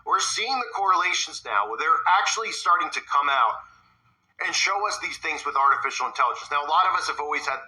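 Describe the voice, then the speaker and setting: A man's voice: a little high, lively intonation, fast, pushed and bright, low-quality recording. A man delivering an emphatic commentary monologue, often asking his audience "right?". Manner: emphatic, rhetorical, asks "right?". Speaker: online commentator.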